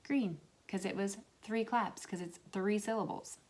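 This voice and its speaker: A woman's voice: medium pitch, unhurried, slight background noise. A woman teaching a remote lesson to young children as their kindergarten teacher, drawing out words in a sing-song way.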